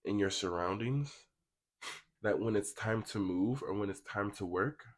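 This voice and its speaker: Young guy doing a tarot reading, kinda low voice, super chatty, lots of slang, talks right to y'all. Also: measured pace. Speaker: tarot reader. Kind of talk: casual tarot pick-a-card reading.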